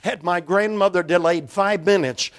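An older man from Brooklyn, New York, preaching a sermon from a church pulpit with emphatic, dramatic swings between loud and soft. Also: high-pitched, normal speed.

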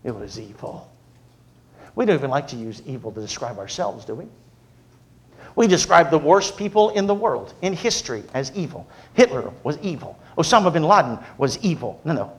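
A man delivering a sermon with a fairly high voice. He tells jokes with lively energy, then drops into a low, earnest exhortation. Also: normal speed. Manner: animated, humorous storytelling then earnest preaching. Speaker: preacher.

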